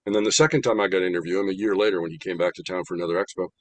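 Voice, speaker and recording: An older American man giving an animated, humorous talk about his spiritual path, slowing down to stress points. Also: sits low. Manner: animated, humorous, slows down for emphasis. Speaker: spiritual speaker. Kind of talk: storytelling talk.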